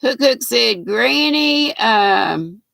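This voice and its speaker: A woman's voice: a little high, expressive, extremely slow, vocal fry, a bit bright, no room sound. An older woman with a North Carolina Southern accent, chatting folksily and laughing as she hosts a live stream and reads out viewer comments. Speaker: livestream host. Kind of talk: casual live chat reading viewer comments.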